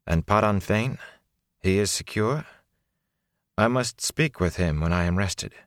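A man voicing a calm, stern woman sorceress in an audiobook, speaking in a measured, flat way. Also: lowish voice, no room sound, clean studio sound. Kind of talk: audiobook character voice.

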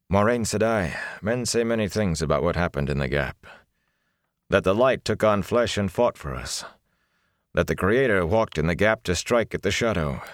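A man's voice: sits low, no room sound, studio quality. A man voicing a proud, grave lord of a border fortress in an audiobook, speaking formally and earnestly.

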